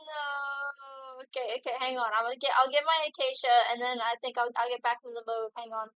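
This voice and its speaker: Young woman streamer, high and bright, rambling happily while gaming, dry close sound. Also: fairly even intonation, brisk, clean tone, dry recording, rough recording. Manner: giddy, rambling, talks to herself while playing. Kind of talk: casual gaming stream chat.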